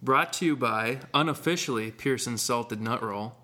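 A man's voice: mid-range voice, moderate pace, bright, forceful tone. A man hosting a casual podcast, joking and rambling with his co-host.

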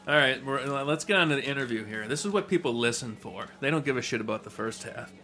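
A laid-back man hosting a podcast, joking and swearing freely as he chats with his guests. His voice sits at an ordinary middle pitch, with faint music playing behind him. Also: expressive, fairly quick, bright, forceful tone. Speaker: podcast host. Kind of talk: casual chat.

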